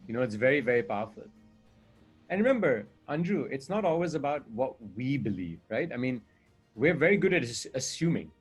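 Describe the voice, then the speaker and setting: A man's voice: medium pitch, big pitch swings, fairly quick, slightly rough, faint music behind. A man speaking as a communication coach in a conversation, earnest and explaining with examples and rhetorical questions.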